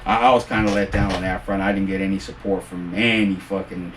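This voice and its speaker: A man from the Bay Area, a guest in a casual interview, telling animated, profanity-laced stories about his past work. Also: low voice, fairly quick, distant mic, over music, poor audio. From Bay Area, California.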